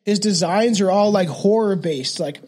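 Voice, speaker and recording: A man's voice: high-pitched, moderate pace, a little mellow. A man co-hosting a podcast, chatting casually and crudely about a true crime case, often restarting his sentences. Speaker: podcast co-host.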